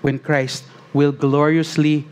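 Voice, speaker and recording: A man preaching a sermon as pastor, earnest, slowing on key phrases and rising as he reads scripture aloud. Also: on the high side, level tone, a little mellow.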